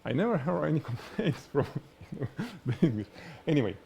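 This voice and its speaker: A man with a strong Russian accent whose first language is Russian, teaching product photography on a live stream in an animated, demonstrating way. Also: a little high, a little fast, vocal fry, a little hiss or hum. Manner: animated, explains by demonstrating, laughs at himself. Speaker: photography instructor.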